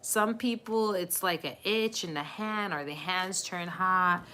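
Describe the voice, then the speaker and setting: A woman's voice: on the low side, measured pace, noisy background. A woman doing a live tarot reading, talking in a chatty, reassuring way with many fillers and frequent laughs. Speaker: tarot reader.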